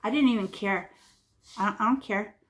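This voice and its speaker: A woman leading a painting lesson for children, chatty and animated, narrating her brushstrokes with sound effects and sing-song noises. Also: medium pitch, normal speed. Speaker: art teacher.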